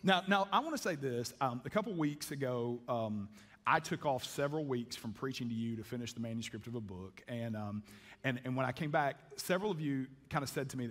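Folksy preaching pastor in a church hall. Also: male voice, mid-range voice, animated, fairly quick, fairly bright tone. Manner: folksy, emphatic preaching with frequent restarts. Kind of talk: sermon. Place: church sanctuary. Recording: long reverb of a church hall.

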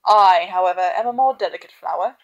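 A woman voicing a smug, scheming gentleman villain who talks with haughty relish and a menacing edge. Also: lowish voice, a little fast, lo-fi sound, close to an everyday voice.

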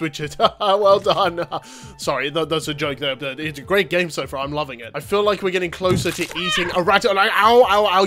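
A young man with a cold doing energetic, jokey let's-play commentary, swinging between loud theatrical outbursts and mutters. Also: fairly high pitch. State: has a cold. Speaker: gaming YouTuber.

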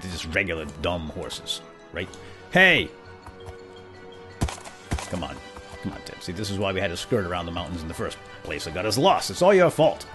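A deep-voiced man speaks at normal speed with big pitch swings and frequent pauses. It's comedic in-character role-play: the gamer voices a bumbling, self-important knight rambling playfully to his animal companions, with faint background music.

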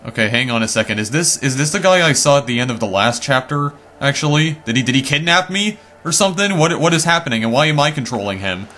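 A man talks through a video game at his computer, in a voice of medium pitch. He stammers and repeats words whenever something on screen confuses him. A faint hiss of room noise sits under his voice. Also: lively intonation, quick pace, few pauses, bright, forceful tone. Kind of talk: let's-play commentary.

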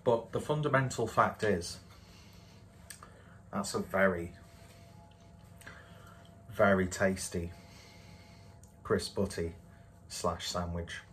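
A man casually reviewing food to camera from a home kitchen, in a relaxed, dry and self-mocking way. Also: low voice, slow, long pauses, a little hiss or hum. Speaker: food vlogger.

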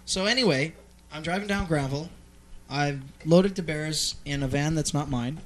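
A man's voice: on the high side, moderate pace, fairly bright tone. A man hosting a show, telling a long story in casual chat, rambling, swearing freely and using plenty of fillers. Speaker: host.

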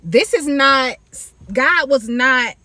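A woman talks casually to her viewers about scripture, calling them baby and y'all in an animated, preachy way. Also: high voice, slow pace, a little hiss or hum. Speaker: faith video creator. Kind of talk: casual Bible-study talk to camera. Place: outdoors in sunlight.

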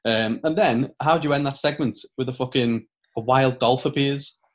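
A man's voice: mid-range voice, moderate pace, dull audio. A man co-hosting a casual wrestling review podcast, ranting and swearing, often breaking into laughter. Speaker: podcast co-host.

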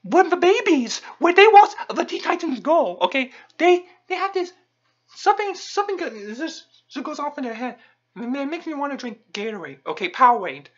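Woman, high-pitched, wildly up and down, furious stammering rant, muffled lo-fi sound. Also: very animated, normal speed. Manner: angry, stammering, keeps repeating "okay?". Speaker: channel host. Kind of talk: profane comedic rant. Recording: dull lo-fi recording.

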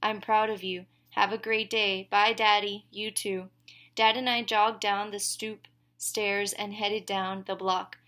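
Flat-voiced woman reading a novel aloud. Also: mid-range voice, slow pace. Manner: reads dialogue with small shifts for each character, no big voices. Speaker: audiobook reader. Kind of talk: scripted first-person narration.

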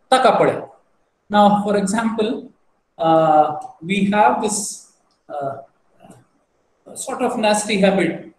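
In a roomy, echoing space with a faint hum behind him, a male language teacher gives a lesson. His voice is high with a darkish tone, and he patiently repeats each word and spells it out.

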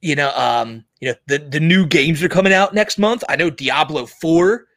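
A man's voice: fairly high pitch, moderate pace, a bit bright, dry recording. A man co-hosting a stream show in casual banter, rambling and swearing, often restarting his sentences. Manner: rambling, profane, restarts a lot. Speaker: co-host of a parody stream show.

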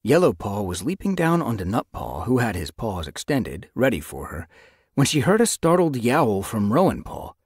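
Male audiobook narrator, husky, very animated, dry close sound. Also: medium pitch, normal speed, dry recording. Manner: expressive storytelling. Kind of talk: scripted narration.

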